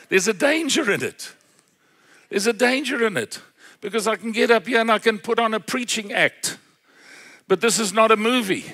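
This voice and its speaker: A middle-aged man preaching a sermon as pastor, fervent and full of hallelujahs, swinging between loud and hushed. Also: high-pitched.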